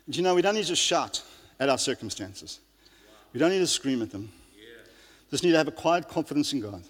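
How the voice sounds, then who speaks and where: Male pastor, earnest sermon, slightly high voice, long hall reverb. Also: expressive, fairly quick, pauses often. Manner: earnest preaching, many restarts and fillers.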